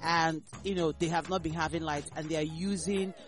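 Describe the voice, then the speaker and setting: A man with a Nigerian English accent hosting a morning radio talk show, chatty and animated, repeating phrases as he talks. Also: a little high, moderate pace, faint music behind. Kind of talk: casual morning radio chat.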